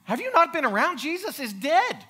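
An incredulous male disciple, pitched well above his everyday speaking voice and firing off disbelieving questions, as a preacher puts him on. He sounds bewildered, told as part of a story in a sermon. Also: very animated, normal speed, sharp tone, heavily acted.

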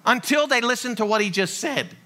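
Animated preacher, high and bright. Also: male voice, fairly quick. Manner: animated, rhetorical questions, folksy humor. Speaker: pastor. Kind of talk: sermon.

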